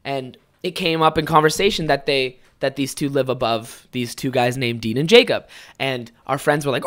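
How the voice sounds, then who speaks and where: Young dude w a kinda high voice just ranting on his podcast, curses every other word, all over the place. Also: normal speed. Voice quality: high-pitched for a man. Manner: rambling, heavy swearing, animated storytelling. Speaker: podcast host. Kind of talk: casual solo podcast chat.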